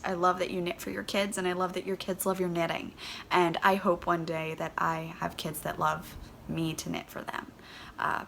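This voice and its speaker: Bubbly, gravelly Philly woman. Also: on the low side, a bit bright, a little hiss or hum. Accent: Philadelphia. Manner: gushing, rambling, with many "um"s. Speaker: knitting podcast host. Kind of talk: casual chatty vlog.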